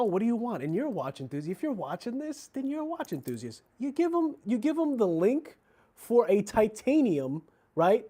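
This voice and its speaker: A man's voice: on the high side, darkish tone. A man hosting a casual livestream about watches, talking in a chatty, slangy, rambling way with frequent restarts. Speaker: watch channel host.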